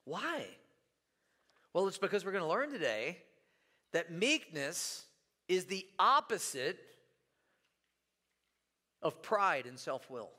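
Male pastor, high voice, conversational sermon in a reverberant church. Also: pushed and bright. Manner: conversational, repeats words, asks the room "right?".

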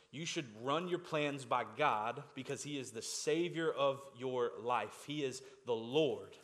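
A man's voice: a little high, bright, forceful tone. A man preaching a sermon as pastor, in a conversational way, asking the listeners rhetorical questions and often restarting his words.

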